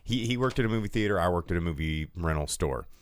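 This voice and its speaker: A man co-hosting a casual movie chat, telling animated stories and mocking rude people in shrill put-on voices. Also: quick pace. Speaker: podcast co-host.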